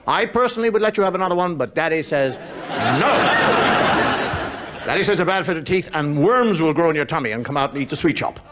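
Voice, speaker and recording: A man voicing a prim mother scolding her small boy, sweetly threatening and slow. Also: a little high, lively intonation, pitched below the performer's own voice, natural voice. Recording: live audience laughter, noisy room.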